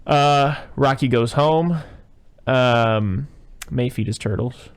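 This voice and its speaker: A man's voice: medium pitch, takes it slowly, clean tone. Rambling man recapping a movie. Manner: rambling, many fillers and "you know"s. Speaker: podcast host. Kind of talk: casual movie recap chat.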